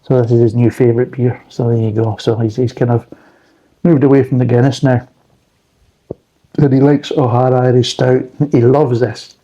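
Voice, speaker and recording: A man's voice: medium pitch, flat delivery, normal speed, dark tone, muffled recording. A man reviewing beer in a rambling, blunt casual chat, swearing freely.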